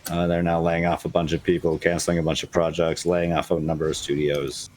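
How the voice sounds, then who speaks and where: A man co-hosting a casual gaming podcast, running through news with many halting fillers and blunt jokes. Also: low-pitched, flat delivery, darkish tone. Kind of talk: casual chat.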